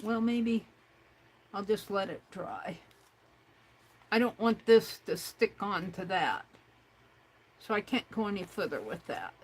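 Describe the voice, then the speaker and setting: Slow-talking woman chatting while crafting. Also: medium pitch, lively intonation, a little hiss or hum, poor audio. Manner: chatty, talks to herself while working, reads chat aloud. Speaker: crafting livestream host. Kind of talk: casual crafting livestream chat.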